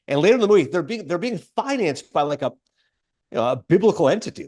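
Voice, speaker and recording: A man's voice: on the high side, expressive, fast talker, a little mellow. A man hosting a casual film podcast, reading trivia aloud with enthusiastic asides. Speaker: podcast host.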